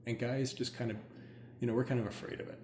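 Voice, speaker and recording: A man who works as a hypnotherapist, chatting casually and excitedly, rambling with many "like"s. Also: medium pitch, quick pace. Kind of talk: casual chat. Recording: roomy with faint ambient noise.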